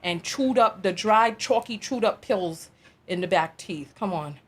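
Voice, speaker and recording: A woman's voice: medium pitch, expressive, measured pace, husky. A woman hosting a reaction video, commenting in an exasperated, dramatic way and laughing through it.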